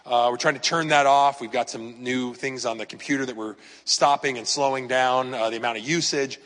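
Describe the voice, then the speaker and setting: Bright-voiced preacher man in a reverberant hall. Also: medium pitch, steady tone, a little fast. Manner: chatty, emphatic preaching with personal stories and rhetorical questions. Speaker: pastor. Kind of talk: conversational sermon.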